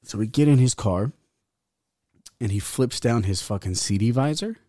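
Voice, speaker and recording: A man's voice: medium pitch, lively intonation, normal speed, mellow, no echo, studio quality. A young adult man, a guest rapper, telling a rambling, profane story in casual talk. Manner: profane, rambling, laughs as he talks.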